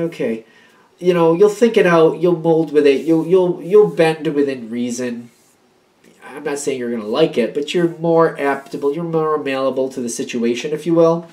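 A man giving a casual tarot reading. He talks in an animated, rambling way, repeating himself and acting out little pep talks. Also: a little high. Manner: animated, acts out little pep-talk quotes; rambling, repeats and restarts phrases. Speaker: tarot reader.

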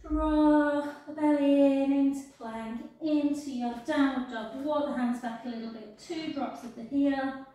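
A woman's voice: sits high, fairly even intonation, a little slow, dark tone, far from the mic, a little hiss or hum. A woman leading a workout class, counting out reps and giving cues in an encouraging way. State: out of breath at times. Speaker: fitness instructor. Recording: echoey room, voice from off the mic.

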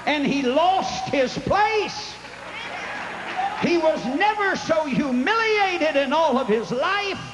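A man preaching a fiery revival sermon, telling a folksy story and shouting at times, recorded live in a big tent. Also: very high voice, animated, takes it slowly, background noise. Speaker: evangelist preacher. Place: large revival tent with congregation. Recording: tent revival with long echo and crowd.

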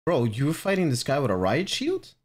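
A man hosting a gaming stream talks quickly, his voice slightly high and bouncing all over the place. He is excitable and slangy, chatting casually with his friends. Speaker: streamer host.

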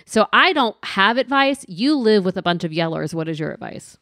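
A woman in her thirties co-hosting a casual podcast, animated and teasing, her pitch swooping up. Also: moderate pace, dry recording, studio quality. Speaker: podcast co-host. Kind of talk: casual chat.

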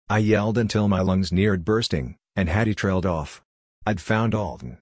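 A man narrating a scary story in a measured, grave storytelling delivery. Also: deep voice, a little mellow, dry recording, clean studio sound. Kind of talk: scripted horror story narration.

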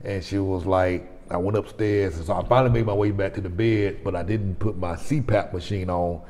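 A man in his forties hosts his own vlog, telling a personal story to camera in a deep, steady, mellow voice at a brisk pace. He rambles conversationally and restarts often, with long reverb on the recording.

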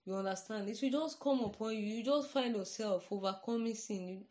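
A woman's voice: on the high side, fairly quick, darkish tone. A Nigerian-accented woman preaching in an informal podcast sermon, earnest and conversational, often checking "you understand?".

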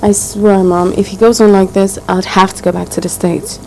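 A woman's voice: medium pitch, steady tone, normal speed, dark tone, a little hiss or hum, lightly acted, low-quality recording. An actress playing a spoiled young woman complaining indignantly to her parents about her neglectful partner, in a film drama. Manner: indignant, whiny.

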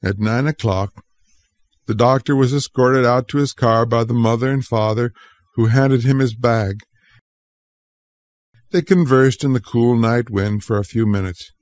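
A man narrating a story aloud as an audiobook for English learners, reading clearly and deliberately. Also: mid-range voice, darkish tone, no echo.

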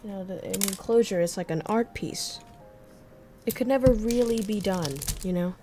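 A woman's voice: mid-range voice, moderate pace, warm tone, soft background music. A young woman streaming, thinking aloud and chatting casually with her viewers as she works. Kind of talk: casual livestream chat while crafting.

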